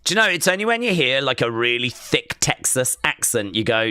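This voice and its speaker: A man hosting a live watch-along stream, chatting in a rambling, excitable way and reading viewer comments aloud. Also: mid-range voice, a little fast, smooth, dry recording, clean studio sound.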